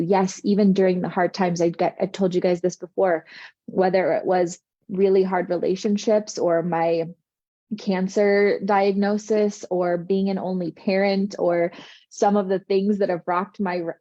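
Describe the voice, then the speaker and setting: Woman, spiritual coach, earnest, reassuring, warm mellow tone, dull recording. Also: medium pitch, no room sound. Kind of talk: motivational talk.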